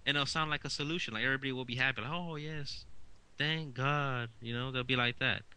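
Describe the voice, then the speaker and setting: A man's voice: medium pitch, fairly even intonation, rapid-fire, pushed and bright, smooth, poor audio. A man co-hosting a casual talk show, talking emphatically and insistently, often restarting his sentences. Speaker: co-host.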